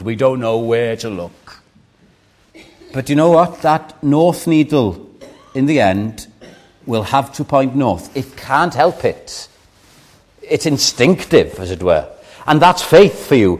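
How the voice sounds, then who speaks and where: An older man delivers a sermon at an unhurried, deliberate pace. He speaks earnestly and pleadingly, often rising with fervour on key phrases. His voice sits at an ordinary middle pitch. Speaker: preacher.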